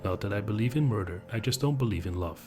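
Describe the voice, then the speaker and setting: A man narrating horror stories in an even, measured storytelling voice. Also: lowish voice. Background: background music.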